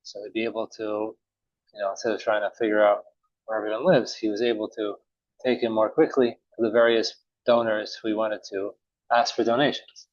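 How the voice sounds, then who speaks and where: A man teaching a morning Talmud class, telling a story casually with many pauses and restarts. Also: lowish voice, dry recording. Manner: relaxed, halting, many uhs and restarts. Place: synagogue or study room. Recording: dull, dry recording.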